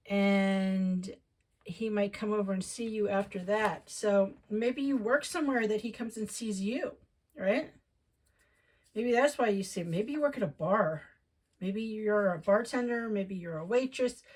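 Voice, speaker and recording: A woman giving a casual tarot reading, chatting and thinking aloud as she goes. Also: medium pitch. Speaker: tarot reader.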